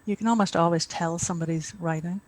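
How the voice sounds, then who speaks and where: A woman's voice: fairly low pitch, fairly even intonation, fast talker, rough recording. A middle-aged woman from Ireland with an Irish accent, a guest author chatting in an interview with easy asides. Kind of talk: casual interview chat.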